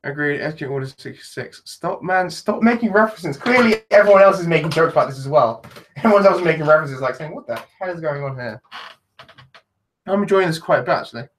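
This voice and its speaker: Animated and fast, a young man from England chats on his YouTube livestream in a slightly high, fairly bright British-accented voice. The talk wanders loosely, with lots of laughing and restarted lines.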